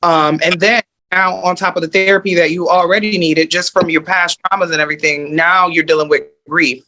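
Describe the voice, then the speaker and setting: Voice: mid-range voice, steady tone, brisk, pushed and bright. A coach on a video call who lays out points one by one, with frequent fillers. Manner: methodical, lists points, many fillers. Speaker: mindset coach.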